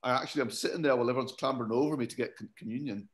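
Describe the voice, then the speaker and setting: Lively Scottish man with an English tinge. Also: medium pitch, racing. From born in London, raised in Scotland. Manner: animated storyteller, laughs often. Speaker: guest comedian and actor. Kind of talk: casual podcast chat.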